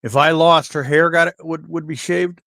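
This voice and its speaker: An older former wrestler spins wild road stories on a podcast, bouncing into squeaky voices whenever he quotes someone. His voice sits a bit high, and the sound is dry and close with no room around it. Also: normal speed, creaky, dry recording. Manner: animated anecdote teller, jumps to high voices for quotes. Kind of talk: casual storytelling chat.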